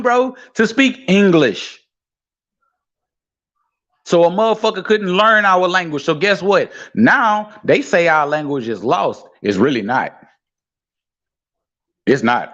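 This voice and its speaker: A man's voice: fairly high pitch, a bit bright, highs cut off. A man in casual podcast chat, laid-back, swearing and often agreeing.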